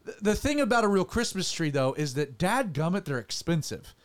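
A man's voice: high voice, big pitch swings, brisk. A man, a pastor hosting a casual studio podcast, joking and rambling with restarts.

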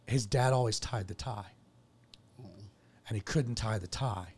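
A man's voice: lowish voice, unhurried, darkish tone, breathy edge. Earnest rambling male podcast host. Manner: earnest, rambling, self-correcting. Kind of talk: casual chat, personal storytelling.

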